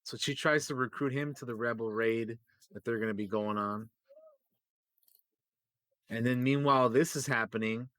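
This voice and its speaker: Rambling profane podcast guy, bright tone. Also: mid-range voice, steady tone, moderate pace, long pauses, no room sound. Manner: rambling, profane, many fillers, acts out quotes. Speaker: podcast co-host. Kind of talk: casual chat recapping comics.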